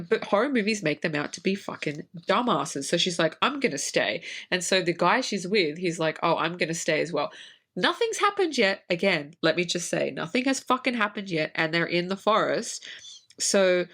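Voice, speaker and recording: A woman's voice: medium pitch, big pitch swings, moderate pace, fairly bright tone. A woman, a horror writer, co-hosting a podcast and ranting about a film, swearing heavily in casual chat. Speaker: podcast co-host. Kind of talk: casual movie review chat.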